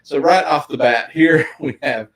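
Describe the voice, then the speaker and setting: A man's voice: on the high side, unhurried, crowd noise, low-quality recording. A middle-aged man, chatting casually on a livestream and greeting viewers by name. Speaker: livestream co-host.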